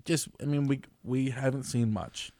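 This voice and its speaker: A man's voice: medium pitch, moderate pace, dark tone, no room sound. A man co-hosting a podcast in casual chat, easygoing and agreeable. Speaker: podcast co-host.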